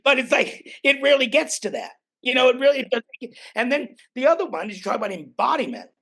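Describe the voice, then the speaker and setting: An older man speaks as a podcast guest in a gravelly, husky voice that ranges widely up and down. He tells his stories emphatically and swears freely. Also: very high voice, animated, a little fast, pushed and bright. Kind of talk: animated conversational storytelling.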